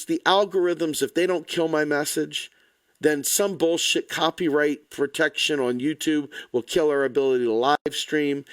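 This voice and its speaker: A political commentator rants furiously to camera, swearing freely and speaking bluntly in a voice a little high for a man. The audio is dry and close, without any room echo.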